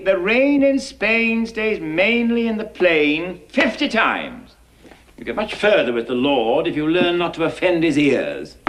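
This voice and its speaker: An impatient elocution teacher. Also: male voice, on the high side. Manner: commanding and exasperated. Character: stern, impatient male speech teacher. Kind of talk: film dialogue.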